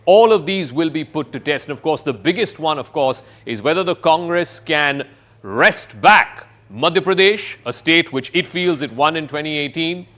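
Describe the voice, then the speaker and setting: A man anchoring a live studio news broadcast, brisk and questioning as he introduces guests. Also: fairly high pitch, animated, a bit bright.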